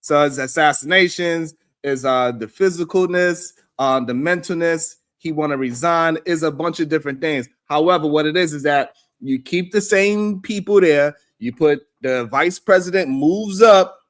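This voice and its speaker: Stream host, slightly high pitch, casual, animated, talks back to the chat. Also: male voice, normal speed, few pauses. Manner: animated, reads chat comments aloud, mocks critics in exaggerated voices. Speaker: live show host. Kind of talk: casual live-stream commentary.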